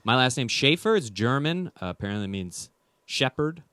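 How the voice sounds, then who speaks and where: A man's voice: medium pitch, very animated, moderate pace, bright, forceful tone, clear, resonant tone, dry recording, studio quality. A man doing a rambling, self-deprecating stand-up comedy set. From United States.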